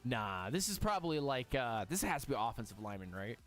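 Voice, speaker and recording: A man hosting a live stream, reacting excitably and talking to his chat in casual commentary. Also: medium pitch, brisk, soft background music.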